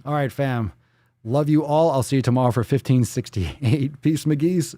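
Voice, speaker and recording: Guy hosting a podcast, goofy and crude, hypes his sign-offs, mellow voice, dry close mic. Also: mid-range voice, normal speed, no room sound. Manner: playful, jokey, crude, hype catchphrases. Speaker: podcast host. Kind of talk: casual livestream podcast sign-off.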